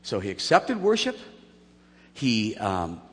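A man preaching a sermon, telling the story with lively acted-out voices and jokes. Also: fairly low pitch, slow. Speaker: pastor. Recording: long hall reverb.

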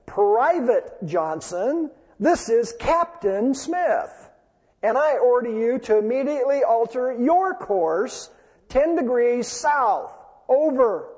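A man voicing an indignant, commanding navy captain who shouts orders over the radio. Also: very high-pitched, expressive, slow, breathy edge, long reverb tail, voice pushed up, heavily acted.

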